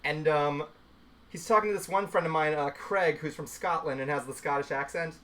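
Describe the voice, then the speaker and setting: A man's voice: fairly high pitch, moderate pace, pushed and bright. A man co-hosting a casual group podcast, telling a rambling anecdote with many restarts. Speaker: podcast co-host. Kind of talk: casual group chat, storytelling.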